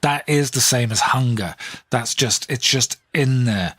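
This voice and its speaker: A man's voice: medium pitch, measured pace, a bit bright, dry recording. A man hosting a solo podcast, rambling in a crude, sardonic way with frequent swearing. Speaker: podcast host.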